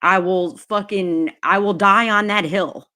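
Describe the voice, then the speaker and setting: A woman vents on a casual livestream. She talks slowly at a middle pitch, swears freely and keeps repeating her angry points. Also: steady tone, pushed and bright. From New Jersey, USA. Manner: angry, profane, repeats herself. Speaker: livestream host.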